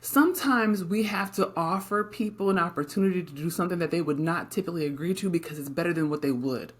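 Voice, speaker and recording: Speaking on the low side, this middle-aged podcast co-host keeps the conversation relaxed but blunt and emphatic. She often tosses short tag questions to her partner.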